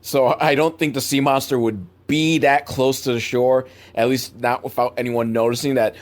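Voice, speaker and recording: A movie reviewer host with a medium-pitched, steady voice talks through a cheap film at a moderate pace with few pauses. His unscripted asides ramble, swear casually, and lean on "like" and "I don't know," and he laughs at the film's sloppy filmmaking as he goes.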